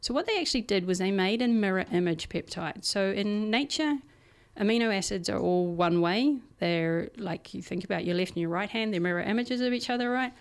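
A woman's voice: mid-range voice, animated, a little fast. Chatty woman explaining science findings. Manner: chatty, explains with everyday examples, many fillers. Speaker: science podcast co-host. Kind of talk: casual science chat.

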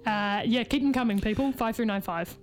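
A woman hosting a radio chat show, playful and quick to laugh as she reads out listener texts. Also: a little high, soft background music. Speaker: radio host.

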